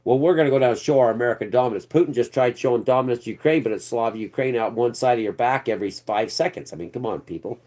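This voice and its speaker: A man's voice: medium pitch, fast, few pauses, a little mellow. A man hosting his own political commentary channel, ranting off the cuff in a rambling, sarcastic and profane way.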